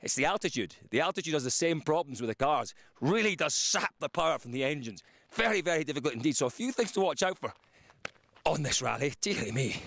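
A male rally reporter talking to camera outdoors on a high mountain gravel stage, lively and chatty, out of breath. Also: fast, no echo. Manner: lively, chatty, points things out. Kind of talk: on-location piece to camera.

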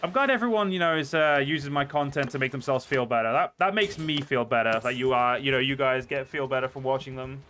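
A man's voice: mid-range voice, a little fast, few pauses, a little hiss or hum. Swearing male game streamer. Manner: swears often, with sudden loud outbursts. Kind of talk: casual gameplay commentary. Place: home, seated at a desk.

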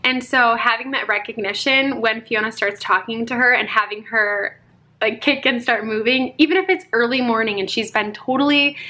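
A woman's voice: fairly high pitch, sharp tone. A young adult woman chatting casually to camera as a mom vlogger, often laughing and talking to viewers as "you guys".

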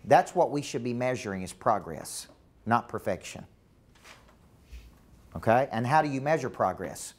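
A man's voice: medium pitch, expressive, moderate pace, pauses often. A middle-aged man gives a live motivational talk to a business team, often asking the room questions and repeating points for emphasis. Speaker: business coach. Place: meeting room with a live audience.

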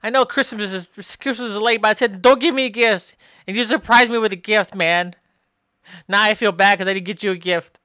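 A woman's voice: mid-range voice, fairly quick, bright, forceful tone, dry recording, clean studio sound. A woman giving comedic improvised gameplay commentary, playing exasperated and tacking "man" and "bro" onto her lines.

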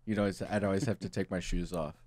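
A man's voice: low voice, steady tone, fast talker, a little mellow. A man hosting a podcast, asking joking, quizzical questions in casual chat.

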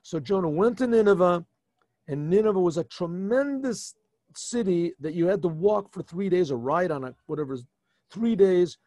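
A man, a rabbi, retelling a scripture story to his class in an animated way, often restarting and adding asides. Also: sits high, normal speed, dry recording. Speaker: rabbi teaching a yeshiva class. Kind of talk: informal storytelling lesson.

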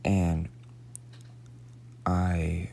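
A man's voice: deep voice, completely flat delivery, extremely slow, gravelly, dark tone, a little hiss or hum. A young man in his late teens telling a rambling, profane story in a casual, slangy way, sometimes dropping to a whisper.

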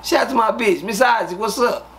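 Texas man, higher voice, lively profane storyteller, faint hiss behind him. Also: fairly quick. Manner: animated, profane street storytelling, acts out scenes with sound effects. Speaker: guest telling prison stories. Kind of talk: casual storytelling interview.

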